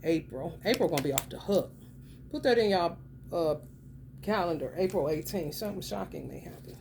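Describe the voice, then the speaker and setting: A woman giving casual spiritual commentary, blunt, profane and streetwise, drawing some phrases out and rushing others. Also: lowish voice, animated, vocal fry, background noise. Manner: emphatic, swings between drawn-out and rapid phrases. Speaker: spiritual reader.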